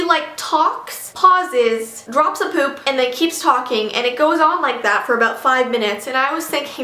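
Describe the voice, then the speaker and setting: A woman vlogger telling an animated story, chatty and full of "like", acting out the dialogue. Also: sits high, echoey room. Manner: chatty, acts out dialogue, many "like"s.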